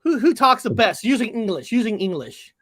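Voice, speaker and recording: A man's voice: extremely high pitch, big pitch swings, brisk, a bit bright. A man in casual chat as a podcast co-host, stammering and prodding with questions.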